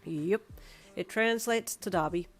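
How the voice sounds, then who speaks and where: A woman's voice: lowish voice, a little slow, faint music behind. A woman voicing a friendly, chatty male tattoo piercer with an Irish accent, in a fan fiction audiobook. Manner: loud, jovial, folksy.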